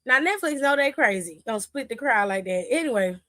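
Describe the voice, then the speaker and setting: A woman hosting a wrestling recap, telling it in animated casual chat and acting out the quotes. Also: fairly high pitch, brisk, dry recording, clean studio sound.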